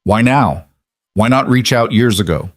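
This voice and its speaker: A man's voice: mid-range voice, lively intonation, measured pace, dry recording, studio quality. A man voicing a mafia boss caught in a gunfight, speaking tersely with tension in an audio story. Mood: shaken. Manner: terse, tense. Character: guarded mafia boss under fire.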